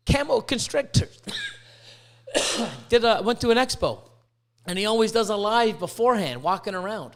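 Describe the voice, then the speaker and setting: A Canadian man hosting a podcast, ranting excitably with lots of swearing and stumbling restarts. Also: high voice, measured pace, long pauses. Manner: profane, excitable, with many restarts. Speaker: podcast host. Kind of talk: casual podcast rant.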